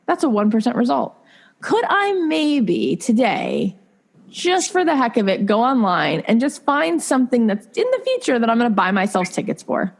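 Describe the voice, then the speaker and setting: A woman in her thirties, appearing as a podcast guest, shares candid personal stories in an earnest, confiding tone, full of "likes" and restarts. Her voice sits on the high side with a sing-song lilt and some vocal fry, and she speaks at a normal pace.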